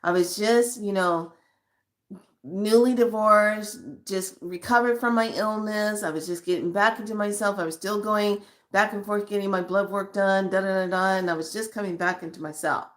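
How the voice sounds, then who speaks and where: A middle-aged woman vlogger telling a personal story to her viewers in an animated, emotional way. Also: mid-range voice, normal speed. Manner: emotional, animated retelling with acted quotes. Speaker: spiritual vlogger.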